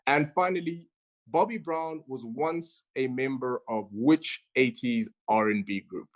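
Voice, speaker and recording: A woman's voice: very deep voice, a little slow. A woman hosting an online quiz over a video call, chatty and stumbling over her words as she reads each question twice. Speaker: quizmaster.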